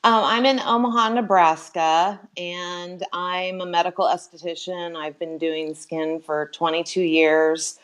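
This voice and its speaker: Brief: low-pitched, slow-talking woman from Minnesota, soft-spoken interview guest. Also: level tone. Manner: soft-spoken, hesitant with many ums. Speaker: guest, medical esthetician. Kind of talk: personal storytelling interview.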